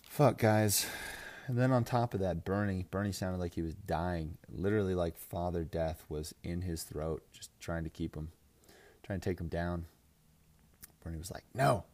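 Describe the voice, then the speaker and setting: A man's voice: deep voice, normal speed, a little mellow. Crude, laughing young man on a podcast. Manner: crude, joking, mocking, frequent laughs and filler "like"; mimics others in exaggerated voices. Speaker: fantasy football podcast host. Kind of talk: casual profane podcast rant.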